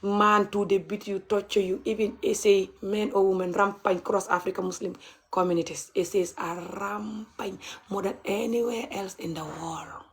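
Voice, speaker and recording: A woman's voice: medium pitch, fairly even intonation, normal speed. A young adult woman, ranting heatedly and mockingly on a livestream as a vlogger. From Gambia. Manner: heated, mocking, laughs bitterly. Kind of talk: livestream rant.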